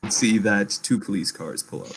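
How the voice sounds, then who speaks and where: A man narrating as game master, relaxed and laughing easily. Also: fairly low pitch, normal speed, slightly rough. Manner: relaxed, laughs easily, slips into in-character voices.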